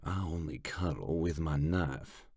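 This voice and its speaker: A man reading an audiobook, voicing a menacing male biker with a slow, creepy drawl. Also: extremely low pitch, lively intonation, gravelly, no room sound, studio quality, full character voice. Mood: menacing, deadpan. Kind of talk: audiobook character voice.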